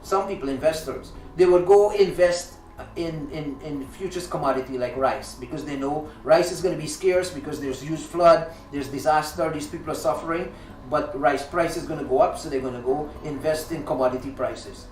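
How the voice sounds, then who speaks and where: A man's voice: on the high side, normal speed, darkish tone, reverberant, far from the mic, slight background noise, rough recording. A man hosting a talk show, delivering an impassioned, indignant monologue with frequent restarts.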